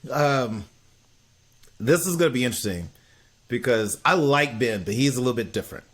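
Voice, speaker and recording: An American man co-hosts a casual podcast recap in an ordinary middle-pitched voice. He talks in a blunt, opinionated way. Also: animated, moderate pace. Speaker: podcast co-host.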